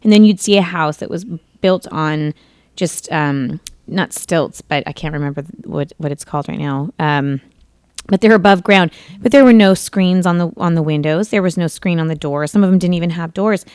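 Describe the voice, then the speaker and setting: A woman radio host in her thirties tells a long personal story in a chatty, meandering way, often correcting herself. Her voice sits low and sounds smooth and clear, recorded dry and close. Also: normal speed, a little mellow, no room sound. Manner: chatty, rambling, with self-corrections and laughs. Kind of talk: casual storytelling on talk radio.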